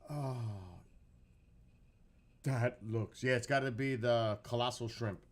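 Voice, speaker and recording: A man chatting casually and excitedly as he explains a recipe step by step, often repeating that he is getting hungry. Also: medium pitch, slow pace, pauses often. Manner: rambling, self-correcting step-by-step explanation. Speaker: streamer reacting to his own cooking clip.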